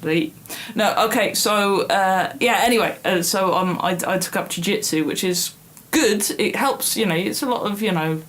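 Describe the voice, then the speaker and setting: A woman's voice: mid-range voice, moderate pace, hardly any pauses, fairly bright tone. A young woman co-hosting a podcast, chatting casually with a self-mocking, laughing manner. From northern England. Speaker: podcast co-host. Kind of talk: casual chat.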